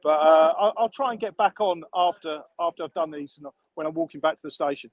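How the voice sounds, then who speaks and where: A man's voice: fairly high pitch, a little fast, no echo, narrow, tinny audio. A man calling in to a fan show, making dry jokes with hesitant fillers. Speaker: caller. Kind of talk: fan call-in.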